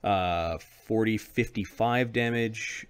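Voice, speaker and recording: A man's voice: on the low side, slow pace, smooth. A man running a tabletop game as game master, narrating combat with frequent fillers.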